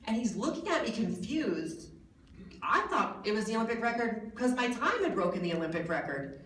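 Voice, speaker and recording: A woman's voice: a little high, sing-song, moderate pace, a bit bright, distant mic. Wisecracking woman speaking in an echoey hall. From United States. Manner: jokey, self-mocking storytelling. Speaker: guest speaker. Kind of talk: motivational keynote speech. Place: large hotel event hall.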